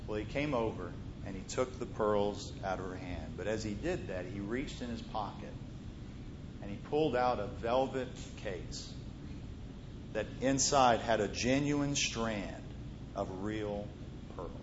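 A man preaching a sermon, moving between loud, emphatic lines and soft, hushed storytelling. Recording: roomy muffled hall recording, faint rumble.

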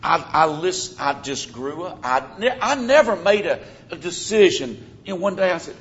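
A man's voice: on the high side, lively intonation, moderate pace, hardly any pauses, fairly bright tone. A man with a Southern US accent, preaching an earnest, emphatic sermon and teaching from scripture. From American South. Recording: dull, lo-fi sermon recording.

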